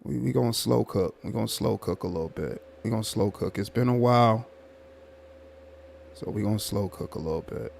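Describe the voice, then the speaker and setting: A man hosting a casual livestream commentary, talking to his viewers in a drawn-out, repetitive, emphatic way. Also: lowish voice, vocal fry, a little mellow, a little hiss or hum.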